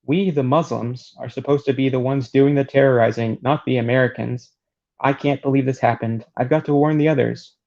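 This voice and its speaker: A man's voice: medium pitch, fairly even intonation, fairly quick, gravelly, a little mellow, close to an everyday voice. A man reading the lines of a frightened male fighter fleeing in panic, in a near plain voice. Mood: distraught. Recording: dull lo-fi recording.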